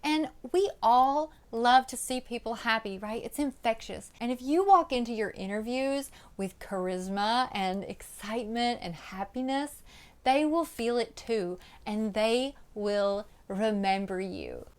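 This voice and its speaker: Upbeat woman coaching, slightly high voice. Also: a little slow, smooth. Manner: animated, keeps checking in with "right?"; breaks into loud demonstrations of vocal technique. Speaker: voice and music coach. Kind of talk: casual on-camera vocal lesson.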